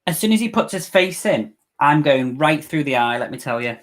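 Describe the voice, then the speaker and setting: A man hosting a live movie watch-along, talking in an animated, campy way and laughing a lot. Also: a little high, normal speed. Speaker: host.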